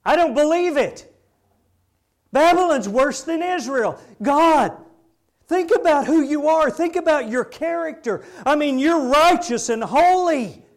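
A man voicing an anguished male prophet who protests loudly and incredulously to God. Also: high voice, very animated, unhurried, hardly any pauses, breathy edge, full character voice.

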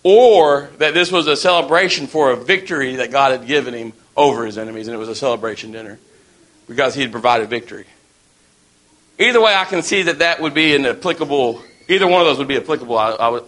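A man's voice: a little high, animated, fairly quick, pushed and bright. A man preaching a sermon in a folksy, storytelling way.

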